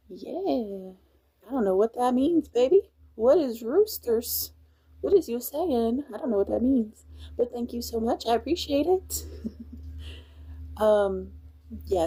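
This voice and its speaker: A woman chats upbeat and easygoing on a phone livestream. Her voice has a mellow, warm tone at a middle pitch. She talks like a base cook catching up with viewers, often restarting mid-sentence. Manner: chatty and upbeat, with frequent restarts. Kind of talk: casual livestream chat.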